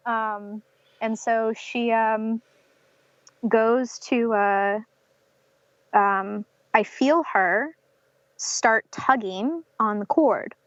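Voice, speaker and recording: Speaking a little high, a young woman from North Carolina tells a personal story as a podcast guest, drawing out her words and leaving long pauses. She uses many fillers such as "um" and "like" and acts out what others said to her. The lo-fi podcast audio is slightly dull, with no room sound.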